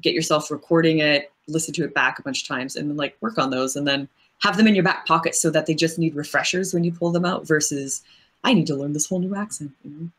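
Low woman voice actor chatting in an interview, talks it through, lots of likes and ums. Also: steady tone, quick pace, fairly bright tone. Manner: thoughtful, explains at length with frequent fillers. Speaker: voice actress guest. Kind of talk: casual interview chat.

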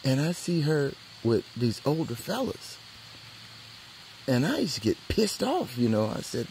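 An older man, telling a story from his youth in a folksy, cussing way and jumping into a high voice for his younger self. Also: very animated, measured pace, a little mellow, a little hiss or hum, rough recording. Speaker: storyteller vlogger. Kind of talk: casual storytelling.

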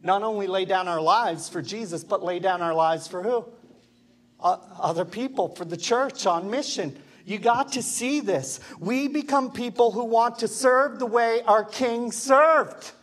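A male pastor delivers an impassioned sermon, pressing the congregation with rhetorical questions. His voice sits fairly high for a man. He speaks at an unhurried, deliberate pace. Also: fairly bright tone. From Canada.

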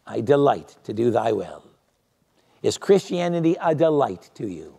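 A man's voice: medium pitch, very animated, a little slow, creaky, warm tone, husky, long reverb tail. A male pastor preaching a conversational sermon, often asking rhetorical tag questions. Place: church sanctuary.

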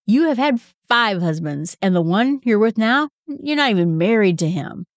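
Woman reading an authoritative male teacher, earnest and plain, mid-pitched, dry recording. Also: animated, normal speed, dry recording, natural voice. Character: calm, authoritative man as a teacher.

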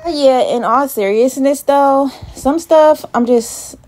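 A woman's voice: high voice, slow, a little mellow. A woman in her twenties talking casually and bluntly to her phone camera, swearing freely and sounding a bit out of breath. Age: 20s. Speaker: vlogger. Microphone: phone mic with earbud.

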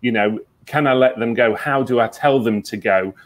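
A man, a psychic medium guest, telling stories earnestly in a relaxed interview, with many fillers. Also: mid-range voice, normal speed. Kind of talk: conversational interview.

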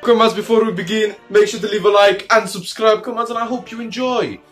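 Young male comedic host, high-pitched, rambling and irreverent, faint music behind. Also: steady tone, fairly quick, a bit bright. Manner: calls the audience "comrades" constantly; rambling, jokey, playfully crude. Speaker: comedic country-review host. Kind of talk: comedic commentary over maps.

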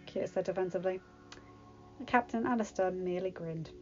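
A woman reads a story aloud in a steady, gentle storytelling manner. Her voice is mellow and soft-edged, at a middle pitch. The recording sounds dull and lo-fi, with faint music underneath. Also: brisk. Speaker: fanfiction reader. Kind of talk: storybook narration.

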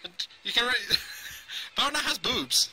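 A woman's voice: a little high, expressive, slow pace, sharp tone, faint music behind. A woman filming at home, laughing, teasing her friend and cooing at her dogs in baby talk. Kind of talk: casual home video chat.

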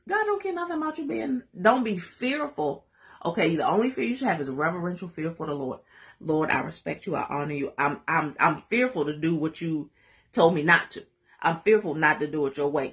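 Leading a live Bible study, this woman preaches in a spirited call-and-response way, chuckling and speaking aside to those watching. She has a low voice.

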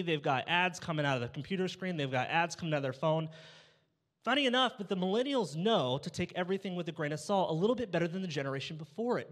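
A man's voice: sits high, fairly bright tone. Young male pastor preaching with humor. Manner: humorous storytelling, acts out dialogue. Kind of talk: sermon. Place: church sanctuary. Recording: church hall reverb.

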